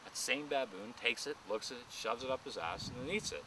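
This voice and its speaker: A middle-aged man doing a stand-up set in a driveway, telling family stories in a deadpan way and jumping higher for the lines he quotes. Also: fairly quick, hardly any pauses. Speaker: amateur comedian. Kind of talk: stand-up storytelling. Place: outdoors in a driveway near traffic. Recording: distant camera mic outdoors, traffic noise.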